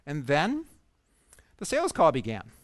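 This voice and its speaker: A man's voice: a little high, huge pitch swings, unhurried, dry recording. A man telling a personal story with humor as a speaker at a coaching event. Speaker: conference speaker. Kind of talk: storytelling keynote talk to coaches. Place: event stage before an audience.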